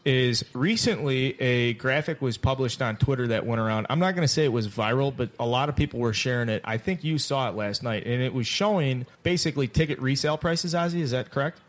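A man's voice: medium pitch, fairly quick, few pauses. A man hosting a casual sports podcast, brash and teasing, who swears freely. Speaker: podcast host.

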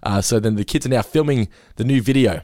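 A man's voice: medium pitch, fast talker, a little mellow, no room sound. A man co-hosting a podcast, chatting casually and laughing as he rambles about an episode. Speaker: podcast co-host. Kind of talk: casual chat reviewing an episode.

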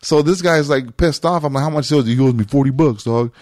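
A man casually telling a rowdy story, animated and slangy, laughing and acting out the other people's lines. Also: mid-range voice, quick pace, no room sound, studio quality. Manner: animated, slangy, laughs often, acts out voices. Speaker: former club DJ.

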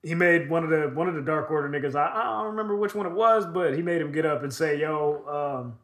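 A man's voice: on the high side, quick pace, a bit bright. Loose, profane man recapping, roomy echo. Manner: loose, profane, rambling recap with many fillers. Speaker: podcast co-host recapping wrestling. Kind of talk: casual chat.

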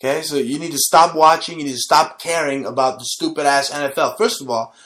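A man's voice: fairly high pitch, fairly even intonation, a little fast, fairly bright tone. A man hosting his own show, delivering a combative, profane, mocking rant. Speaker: show host. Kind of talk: ranting monologue.

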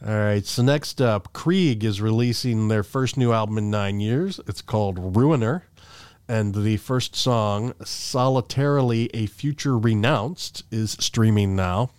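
A man's voice: fairly low pitch, measured pace, darkish tone, clean tone, no echo. Man hosting a metal podcast. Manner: presents news items, joking. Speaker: podcast host. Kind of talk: casual podcast chat. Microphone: studio mic on boom stand.

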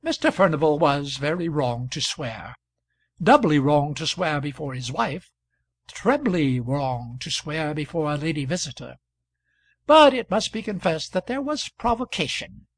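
A man reading a classic novel aloud in a measured, even narration. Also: fairly high pitch, no room sound, studio quality. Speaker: audiobook reader.

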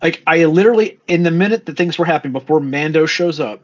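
A man's voice: on the high side, fast. Man with dull lo-fi mic sound. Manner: emphatic, argumentative. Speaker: podcast co-host, voice actor. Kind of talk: casual debate chat.

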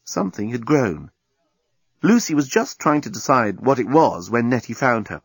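A man's voice: medium pitch, expressive, brisk, breathy edge, no echo. A man narrating a comic science fiction audiobook with a wry manner.

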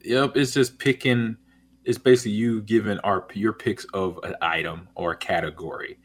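A man with a very low voice, talking as a guest on a sports radio show. He is laid-back and rambles a bit, with plenty of ums along the way. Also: steady tone, normal speed. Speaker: guest, former football player.

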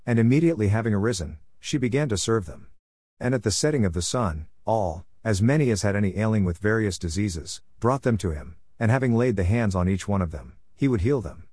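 Low-voiced man reading scripture, dry sound. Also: husky, no echo. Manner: steady, measured reading in short phrases. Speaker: scripture reader.

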